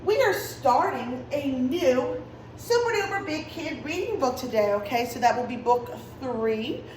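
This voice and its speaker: A high-pitched woman teaching kindergarten over a video lesson, stretching words out slowly and clearly for young children. She sounds a little distant from the mic in an echoey classroom, with a faint hum behind her. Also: lively intonation, darkish tone. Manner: slow, clear, sing-song teacher talk to small children.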